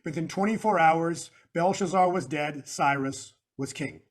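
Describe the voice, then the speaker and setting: A man with a somewhat high voice speaks as an interview guest. He explains slides point by point, stressing words and circling back to the same phrases in an emphatic, preacher-like way. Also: a little slow. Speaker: guest analyst. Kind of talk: interview walking through slides.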